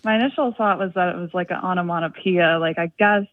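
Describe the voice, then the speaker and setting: A woman's voice: lowish voice, fast, no room sound. A young woman calling in to a radio show, chatty and curious, with lots of "like" and "you know.". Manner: chatty, curious, filler-heavy. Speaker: caller. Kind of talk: phone-in chat. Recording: phone line.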